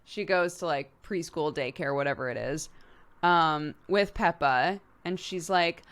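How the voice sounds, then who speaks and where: A woman's voice: deep voice, a little slow, a bit bright, smooth. A woman streamer in casual livestream chat, rambling playfully and laughing often.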